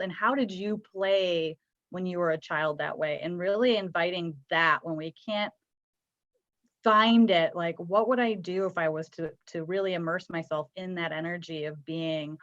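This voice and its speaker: A woman with a lowish voice speaks earnestly and thoughtfully as a guest on a spiritual talk radio show. Her audio comes through a dull, dry remote line. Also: fairly bright tone, no room sound.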